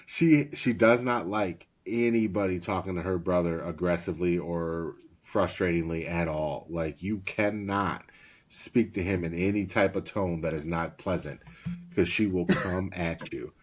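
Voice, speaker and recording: A man with a very low voice chats on a podcast, easygoing and profane. He tells stories about his kids and breaks into laughter often. He sounds like he's in his thirties. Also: measured pace. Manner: laughs often, swears freely, storytelling. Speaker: podcast co-host. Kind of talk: casual podcast chat.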